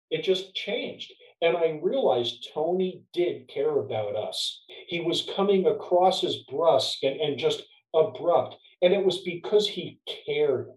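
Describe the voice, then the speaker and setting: A man who works as a leadership trainer, chatting as a podcast guest and telling workplace stories in a warm, storytelling way. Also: mid-range voice, distant mic. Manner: storytelling, warm, restarts words. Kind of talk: casual podcast chat. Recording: roomy, off-mic sound.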